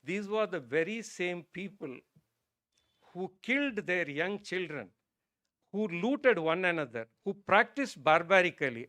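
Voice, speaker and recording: A man from India, appearing as a guest speaker on an auditorium stage, speaks about religion in a high-pitched voice captured in a dry recording. He tells a story that touches him, becoming emotional and soft, then builds toward emphatic points.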